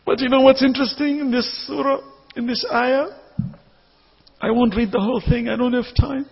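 Male preacher, high husky voice, impassioned sermon delivery, muffled recording with hall reverb. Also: fairly even intonation. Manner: impassioned, slows and rises to shouts at climaxes. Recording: dull, echoey hall recording.

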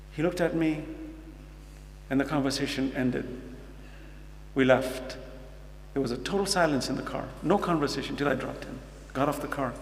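Gravelly-voiced man telling a story in a sermon. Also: on the high side. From United States. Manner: earnest storyteller, acts out dialogue, asks the audience questions. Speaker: Muslim speaker. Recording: echoey hall with faint hum.

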